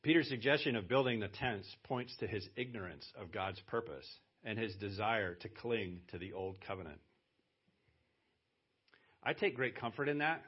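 Low husky-voiced male pastor preaching. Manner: conversational preaching, rising to emphatic stress on key phrases. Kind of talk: sermon. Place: church. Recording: dull lo-fi church sermon audio.

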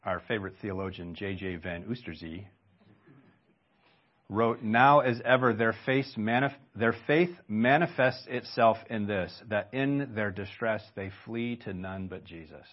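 A man's voice: fairly low pitch, measured pace, highs cut off. A man preaching a sermon in a conversational way, stopping for rhetorical questions and asides. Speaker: pastor.

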